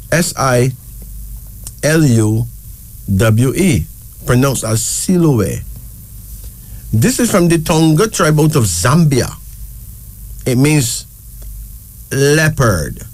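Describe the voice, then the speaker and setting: A man hosting a casual talk show, slowly spelling out each name letter by letter and repeating words for emphasis. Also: on the high side, sing-song. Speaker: show host. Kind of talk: casual talk presenting names.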